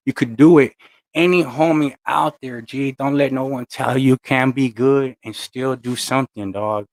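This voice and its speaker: A young channel host chats casually to camera, talking loosely to his viewers with plenty of street slang and rambling asides. His middle-pitched, steady voice moves at a normal speed and is recorded close and dry, with no room sound or echo.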